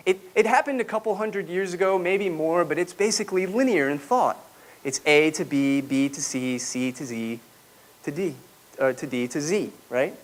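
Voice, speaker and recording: A man with a high voice speaks from a podium to a room full of listeners. He tells his own story in a reflective way and turns to the audience with questions now and then. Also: a bit bright. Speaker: public speaker. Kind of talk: personal testimony talk to a live audience.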